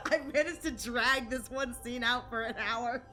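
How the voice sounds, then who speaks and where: A young woman streamer chats casually with her viewers in a high, bright voice, giggling often and tripping over her own sentences. Her desk mic catches faint music playing behind her. The voice stays lively and close. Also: normal speed. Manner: giggly, chatty, frequent laughter and restarts. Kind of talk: casual live-stream chat with chat readers.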